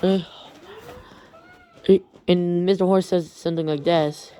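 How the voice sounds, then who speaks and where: Woman storyteller, slow and halting, stumbles through a retold creepy tale. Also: fairly low pitch, steady tone, warm tone, clear, resonant tone. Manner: hesitant, halting, many restarts. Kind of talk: rambling horror story retelling.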